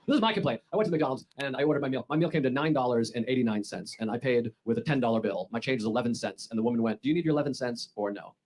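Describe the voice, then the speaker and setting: A man's voice: medium pitch, racing, hardly any pauses, darkish tone. A man from the United States doing a stand-up comedy set on stage with a handheld mic, telling exasperated, sarcastic stories. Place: comedy club stage before a laughing audience. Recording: live audience noise throughout.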